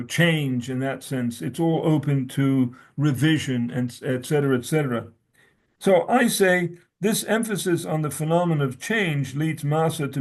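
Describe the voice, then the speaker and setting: A man's voice: fairly high pitch, a little mellow. A man talking as a guest scholar, reading from his own essay and quoting sources, often restarting his sentences.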